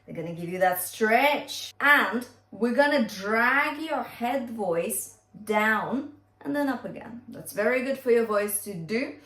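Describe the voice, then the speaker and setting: A woman singing teacher, leading a vocal warm-up, singing the exercises and giving quick encouraging cues. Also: a little high, lively intonation, far from the mic. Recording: roomy sound from off the mic with piano. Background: piano accompaniment.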